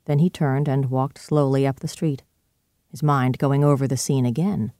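A man narrating a classic story aloud in a steady, even reading. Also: medium pitch, moderate pace, no echo, studio quality.

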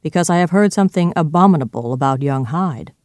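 A reader voicing a calm, worried male lawyer in a storybook reading, speaking slowly and gravely. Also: mid-range voice, dry recording, clean studio sound, close to an everyday voice.

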